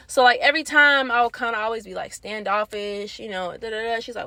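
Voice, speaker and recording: A young woman vlogger telling a personal faith testimony in a candid, animated, slangy way. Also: on the high side, fast talker, creaky, few pauses, dry recording. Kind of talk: casual testimony.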